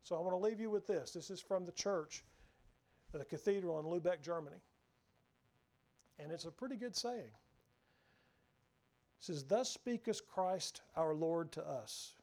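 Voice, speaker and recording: A man preaching a sermon, earnest, swinging from raised emphasis down to hushed, near-whispered lines. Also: high-pitched, measured pace, pauses often.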